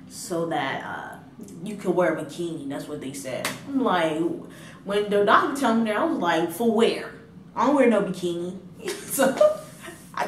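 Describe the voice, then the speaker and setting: A young adult woman vlogging a personal story in a casual, animated way, often calling her viewers "y'all" and acting out how she panicked. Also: lowish voice, a little hiss or hum. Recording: echoey room, mic at a distance.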